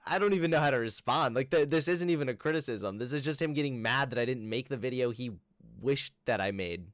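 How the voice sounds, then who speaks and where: A man's voice: mid-range voice, fast talker, dry recording, studio quality. A man giving reaction commentary, sarcastically rebutting a critic point by point. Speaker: commentary YouTuber.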